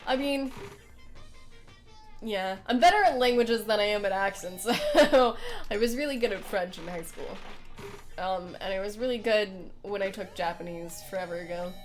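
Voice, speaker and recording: A woman's voice: mid-range voice, moderate pace, faint music behind. A young woman streaming a game, chatting casually and giggling as she greets her viewers. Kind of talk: casual live-stream chat during a game playthrough.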